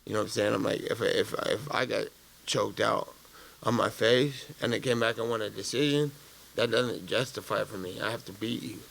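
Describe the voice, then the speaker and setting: Gravelly, blunt, profane man. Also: on the low side, normal speed, a bit bright. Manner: blunt, profane, loose street slang, rambling. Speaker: fighter at a post-fight press conference. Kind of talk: post-fight press conference answers. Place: press conference room.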